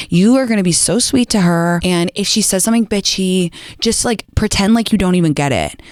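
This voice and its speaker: A woman's voice: on the low side, lively intonation, brisk, few pauses, a little mellow, dry recording. A woman hosting a call-in advice show, talking frankly and casually with lots of "like" and some swearing. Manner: chatty, frank, says "like" a lot, swearing.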